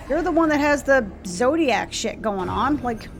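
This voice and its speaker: A young woman streamer giving casual, joking commentary while she plays a game, swearing freely. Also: sits high.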